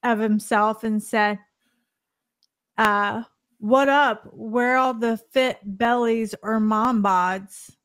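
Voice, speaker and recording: A woman's voice: on the high side, steady tone, takes it slowly, a bit bright, clear, resonant tone, no room sound. A woman co-hosting a casual podcast, telling a story in a chatty, giggly way. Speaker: podcast co-host. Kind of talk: casual chat.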